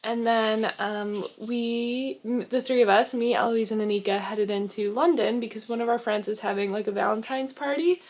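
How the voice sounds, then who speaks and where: A woman's voice: fairly high pitch, fairly even intonation, moderate pace, hardly any pauses, darkish tone. A young woman student chatting casually to camera in a vlog, rambling with lots of fillers. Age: young adult. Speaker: student vlogger.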